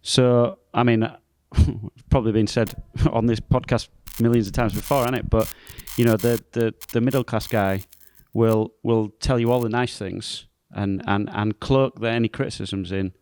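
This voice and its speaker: A man's voice: fairly low pitch, fairly even intonation, moderate pace, hardly any pauses, a little mellow. A man speaking as a pastor guest on a podcast, thoughtful and a little hesitant. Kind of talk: casual discussion.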